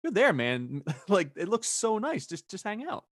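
A man's voice: high voice, sing-song, unhurried, fairly bright tone, no echo, studio quality. A man co-hosting a podcast in casual chat, laid-back but blunt and swearing freely. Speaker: podcast co-host.

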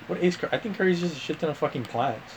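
Crude joking man, slightly high voice. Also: rapid-fire, slight background noise. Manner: crude, joking, laughs a lot. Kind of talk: casual gaming chat.

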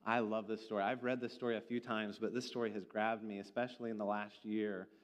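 A man preaching a sermon, reading scripture slowly and then explaining it earnestly, asking the congregation questions. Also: fairly low pitch, little pitch movement. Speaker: pastor. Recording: church hall with long reverb.

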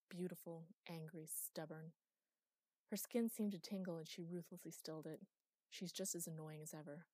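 A woman reading a fantasy audiobook as narrator, in an even storytelling style. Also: sits low, no echo.

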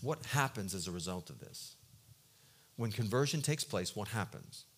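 A male pastor preaching a sermon who acts out voices from the story and swings from loud outbursts to hushed, low lines. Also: moderate pace. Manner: animated, acts out voices of biblical figures and God; swings between loud exclaims and quiet, low-voiced asides.

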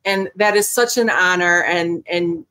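A woman's voice: fairly low pitch, a little slow, sharp tone. A woman hosting a panel conversation, effusive and enthusiastic, chatty with the guests.

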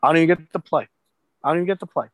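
A man telling a story in casual chat, animated and profane, acting out the voices of the people he quotes. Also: on the high side, racing, no room sound.

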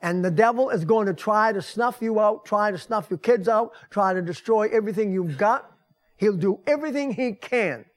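High-voiced older man preaching. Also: lively intonation, moderate pace. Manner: folksy, conversational preaching with rising emphasis. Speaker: pastor. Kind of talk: sermon. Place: church sanctuary.

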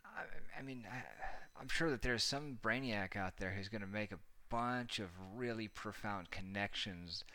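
Man, low voice, tense and sharp tone, sarcastic rambling commentary, profane. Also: measured pace, few pauses. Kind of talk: casual commentary monologue.

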